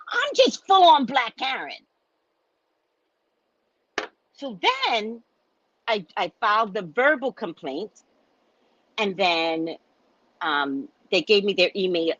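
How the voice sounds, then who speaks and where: A woman's voice: a little high, fairly bright tone, slightly rough, dry recording. A woman host and psychic reader telling a story in a casual, indignant, profane rant. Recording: dull lo-fi dry sound.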